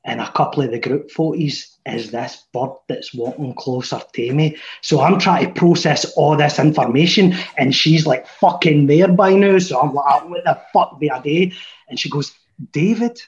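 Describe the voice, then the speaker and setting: Glaswegian man in his thirties telling a story. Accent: Scottish, Glaswegian. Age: 30s. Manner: chatty, swearing, dropping to a low mutter for his inner thoughts. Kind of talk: casual storytelling among friends. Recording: echoey room, muffled sound.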